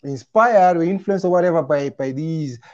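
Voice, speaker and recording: A man moderating an online panel, asking questions haltingly and pushing for short answers. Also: a little high, dull audio. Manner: halting, pressing for brevity.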